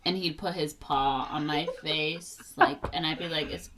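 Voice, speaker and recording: A woman co-hosting a podcast, telling an animated story in casual chat, full of "like". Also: sits low, measured pace, a crowd in the background. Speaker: podcast co-host.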